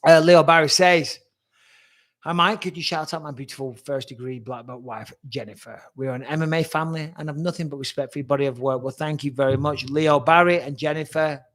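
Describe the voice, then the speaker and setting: Man, 40s, former fighter, live Q&A host, somewhat high voice, rapid, blunt, swears often. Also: fairly bright tone. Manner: fast, blunt and swearing, reading viewer questions aloud. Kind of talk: casual live-stream Q&A.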